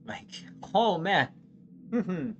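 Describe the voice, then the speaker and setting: A live streamer chatting with viewers, excitable, exclaiming and often laughing. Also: mid-range voice, extremely slow, dull audio.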